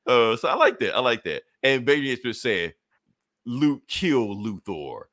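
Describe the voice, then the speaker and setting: A man's voice: mid-range voice, very animated, a little fast, pushed and bright, no room sound, studio quality. A man co-hosting a podcast, casually retelling a comic book plot with profane slang and acting out the characters' lines. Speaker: podcast co-host reviewing comics.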